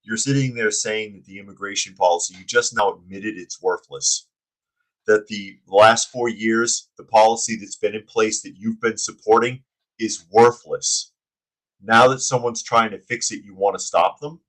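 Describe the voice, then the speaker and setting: A man's voice: lowish voice, fairly even intonation, moderate pace, fairly bright tone, rough recording. A man hosting a news opinion show who talks in a sarcastic, blunt way and reads out viewers' chat comments.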